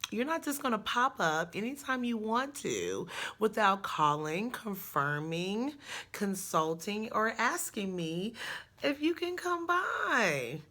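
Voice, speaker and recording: A woman's voice: medium pitch, big pitch swings, slow pace, sharp tone. A young woman telling a personal story in a casual, frank, chatty way, laughing often. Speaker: storyteller vlogger.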